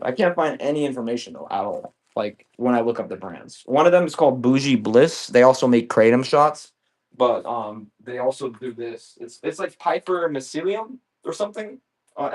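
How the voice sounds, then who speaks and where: A man's voice: medium pitch, lively intonation, normal speed, a little mellow. A man selling on a live stream, telling a long story in a laid-back, rambling way full of swearing and fillers. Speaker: livestream seller. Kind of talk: casual storytelling chat.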